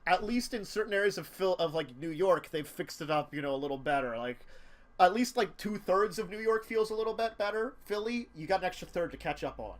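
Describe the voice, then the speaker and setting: A man's voice: high voice, lively intonation, a little fast. A man in his thirties from near Philadelphia, hosting a casual tabletop gaming chat, rambling and correcting himself with frequent laughs. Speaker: show host.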